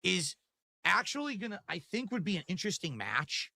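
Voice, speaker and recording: A man's voice: high-pitched, very animated, moderate pace, gravelly, sharp tone, dry recording. A man hosting a live wrestling commentary stream, chatting casually and asking viewers for support. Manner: chatty, asks chat for support, restarts a lot.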